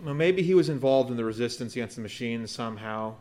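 Man calmly recapping a movie plot. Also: medium pitch, fast talker, slight background noise. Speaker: podcast co-host. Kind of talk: casual movie recap chat.

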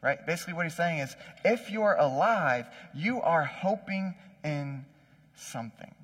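Man, preacher, conversational sermon, slightly high voice, husky tone. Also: animated, unhurried, fairly bright tone. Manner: conversational, says "like" and "right?" often. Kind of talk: casual sermon. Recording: long hall reverb.

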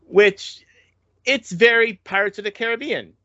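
A man's voice: high-pitched, measured pace, bright, forceful tone, dry recording. A man co-hosting a casual movie podcast, retelling the plot and quoting characters. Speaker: podcast co-host. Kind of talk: casual movie review chat. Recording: dull lo-fi dry sound.

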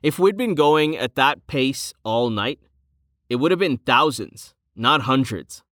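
A man's voice: medium pitch, expressive, measured pace, fairly bright tone, no echo, studio quality. A man narrating an audiobook voices a tired, practical young man who leads a company, speaking in a weary, wry way.

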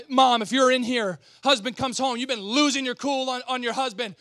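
A male pastor preaching a sermon, calling out to the congregation, swinging from loud outbursts to quiet, close talk. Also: extremely high pitch, normal speed, few pauses, dry recording. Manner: animated, swings between shouting and quiet; talks back and forth with the congregation.

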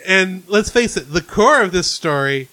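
A man co-hosting a casual review chat, talking in a wry, animated way. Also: sits high, unhurried, no room sound. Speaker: podcast co-host.

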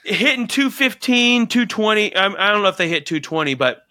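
A man co-hosting a podcast in casual chat, excitable and profane, rambling with lots of fillers. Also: high-pitched, moderate pace, no room sound. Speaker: podcast co-host.

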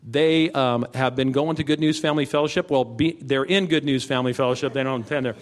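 A man's voice: mid-range voice, fairly even intonation, fast. A man giving an earnest, emotional personal testimony at a church service, then introducing the next speakers.

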